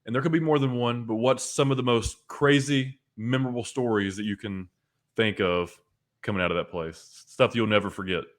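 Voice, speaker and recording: A man hosting a casual interview, asking relaxed, open questions. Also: medium pitch, normal speed. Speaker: podcast host.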